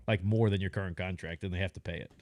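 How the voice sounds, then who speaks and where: A man's voice: sits low, steady tone, brisk, a little mellow, dry recording. A man co-hosting a casual podcast, bantering about sports in a laid-back way. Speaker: co-host.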